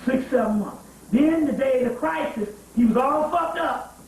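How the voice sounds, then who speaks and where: Man, profane street-talk lecture, animated, laughing, very echoey room, distant mic. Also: very high voice, normal speed. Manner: animated, laughing, street-talk storytelling with call-and-response asides. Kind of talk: profane lecture to a live audience.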